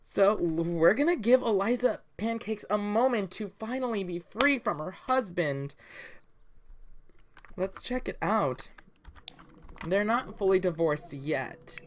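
A woman's voice: medium pitch, lively intonation, a little slow, slight background noise. Chatty woman gaming host. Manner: chatty, many fillers, giggly. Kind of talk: casual let's play commentary.

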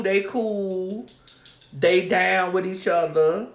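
A woman's voice: sits low, normal speed. A woman hosting a casual chat, telling brash, profane, rambling stories. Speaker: host. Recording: roomy echo.

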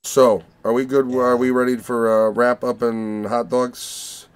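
A young man from the Chicago area, hosting a casual movie podcast and talking in a profane, rambling, animated way. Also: mid-range voice, unhurried, clear, resonant tone. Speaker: podcast host reviewing movies. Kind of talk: casual chat.

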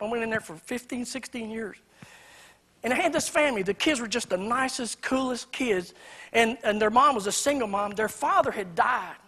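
A man preaching. His voice sits very high and sounds bright and forceful. He shifts from loud emphatic preaching to quiet storytelling. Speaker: pastor. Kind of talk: sermon. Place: church sanctuary.

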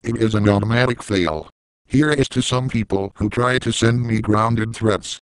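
Flat-voiced man giving a dry rant. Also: on the low side, normal speed, smooth, dry recording, poor audio. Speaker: YouTube ranter. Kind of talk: scripted rant.

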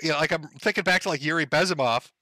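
A man's voice: a little high, fast, bright, forceful tone, dry recording. A man hosting a livestream, rambling to his chat in a profane comedic rant and laughing often. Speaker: livestream host.

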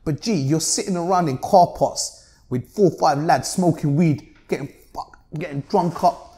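A man's voice: on the high side, normal speed, dark tone. A brash young man with a Luton accent and heavy street slang, talking animatedly as an interview guest. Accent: Luton English, street slang. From England. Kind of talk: casual interview chat.

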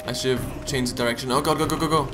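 Young man, let's play commentary, punning, swearing, loud outbursts, game music underneath. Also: mid-range voice, steady tone, fast talker. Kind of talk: casual gaming commentary.

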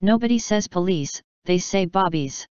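A woman's voice: on the low side, lively intonation, moderate pace, a little mellow, smooth, dry recording, highs cut off, lightly acted. A woman voicing a brash, streetwise young boy in a storybook reading, bossy and slangy. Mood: cocky.

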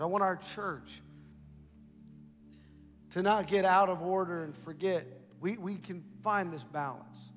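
A man's voice: sits high, steady tone, measured pace, pauses often, fairly bright tone, in a large hall, soft background music. A man preaching a sermon as pastor, building emphasis and repeating phrases for the congregation. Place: large church hall.

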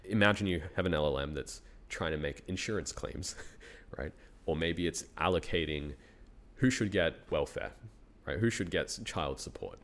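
A man's voice: extremely low pitch, normal speed, fairly bright tone. A man in his thirties with an Australian accent, a university researcher talking as a guest in a casual interview, thinking aloud and laughing often.

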